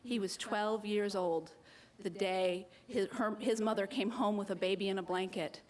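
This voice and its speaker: This is a young American woman at a live slam, sharing her own story with energy and self-mockery and mimicking the people she came across. Her mid-range voice keeps a normal speed, and there's slight background noise.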